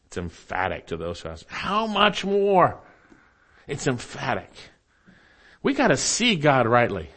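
A man's voice: medium pitch, huge pitch swings, moderate pace, fairly bright tone, husky. Earnest male preacher repeating phrases. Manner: earnest preaching, repeats key phrases, reads scripture aloud. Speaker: pastor. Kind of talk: sermon.

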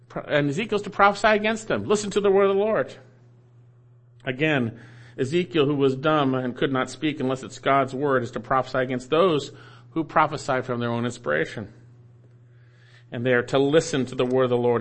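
Emphatic preaching man, higher voice. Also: normal speed. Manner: emphatic preaching, repeats key phrases, swings loud and soft. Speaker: pastor. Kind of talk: sermon.

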